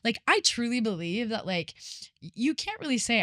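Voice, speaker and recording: Animated woman host, thinking aloud. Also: fairly high pitch, normal speed, no room sound, studio quality. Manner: animated, searching for words, frequent "right?". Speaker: podcast host. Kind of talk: casual conversation.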